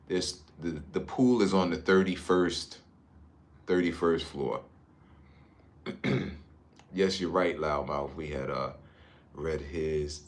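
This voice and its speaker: Deep voiced guy from jersey, chill livestream chat on his phone, talking to his viewers. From Newark, New Jersey. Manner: laid-back, chatty, drifts between comments. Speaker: livestream vlogger. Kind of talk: casual livestream chat reading viewer comments. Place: high-rise hotel room.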